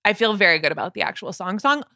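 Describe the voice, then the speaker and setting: Woman co-host, casual and playful, crisp bright tone in a dry booth. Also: medium pitch, big pitch swings, fast, no echo. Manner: chatty, laughs often, playful asides. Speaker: podcast co-host. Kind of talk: casual music discussion.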